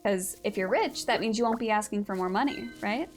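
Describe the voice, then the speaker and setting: A woman's voice: medium pitch, a little fast, soft background music. A young woman streaming a game live, chatting casually with viewers in a playful, teasing way and swearing now and then. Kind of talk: casual live-stream chat while gaming.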